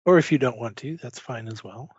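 A man narrating a tabletop game as game master, speaking haltingly with many filler pauses. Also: medium pitch, a little mellow, breathy edge, no room sound. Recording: dull lo-fi dry recording.

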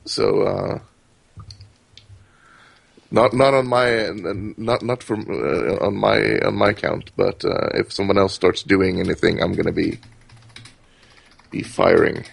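Deep gravelly man, careful player. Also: steady tone, dry recording. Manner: deliberate, careful. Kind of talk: tabletop game play.

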